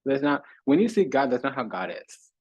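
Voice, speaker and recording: Husky man giving a preachy tarot reading. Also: mid-range voice, very animated, normal speed, a little mellow, dry recording, dull audio. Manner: preachy, repetitive rhythmic lists. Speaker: tarot reader. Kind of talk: spiritual tarot reading monologue.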